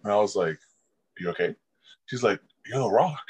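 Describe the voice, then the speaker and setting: In an interview, a college football player in his young adult years shares casual stories, laughing frequently. He has a lowish, darkish, slightly rough voice that is expressive, and he speaks at a moderate pace. The recording is rough.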